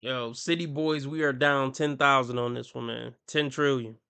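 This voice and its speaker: A man's voice: medium pitch, fairly even intonation, moderate pace, gravelly, bright, forceful tone, smooth, dry recording. A man ranting bluntly and crudely as he reacts to clips on his stream. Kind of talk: ranting commentary.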